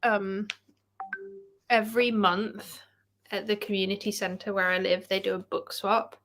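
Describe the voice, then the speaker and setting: Relaxed, friendly woman guest. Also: mid-range voice, a little slow, slight background noise. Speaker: guest book reviewer. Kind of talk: casual livestream chat.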